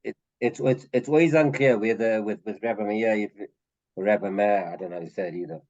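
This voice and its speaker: A man's voice: lowish voice, lively intonation, quick pace, a little mellow, highs cut off. A man taking part in a casual group study over a call, hesitating and repeating words as he thinks aloud.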